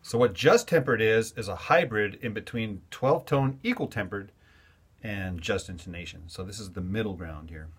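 A man's voice: fairly low pitch, moderate pace, a bit bright, slightly rough. A man who makes cigar box guitar fretboards, giving a casual how-to tutorial and explaining each step plainly.

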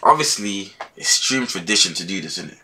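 A man's voice: sits low, animated, fairly quick, noisy background. A young man, chatting loosely and joking with his guest as a livestream host. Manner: loose and joking, slangy banter. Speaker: streamer host. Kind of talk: casual livestream chat.

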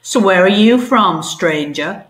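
A woman voicing a tough male dog in a card-playing gang, drawling gruffly. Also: medium pitch, lively intonation, unhurried, reverberant, lightly acted.

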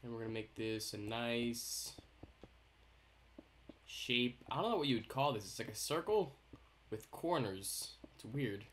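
A young man talks through a game build in casual let's-play commentary. His voice is bright and bouncy, with pitch that swings widely. He keeps up a goofy, playful stream of jokes aimed at himself. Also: expressive, unhurried, long pauses, slight background noise. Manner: goofy, playful, jokey self-talk. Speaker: gaming YouTuber host.

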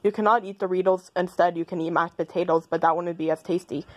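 A woman's voice: fairly low pitch, fairly even intonation, fast. A woman rambling through a playful, silly stream of consciousness, arguing back and forth with herself and giggling.

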